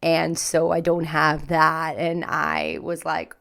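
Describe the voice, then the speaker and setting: A woman's voice: deep voice, little pitch movement, takes it slowly, vocal fry, fairly bright tone. A woman hosting a podcast, telling a candid, emotional personal story in a rambling, self-deprecating way. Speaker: podcast host.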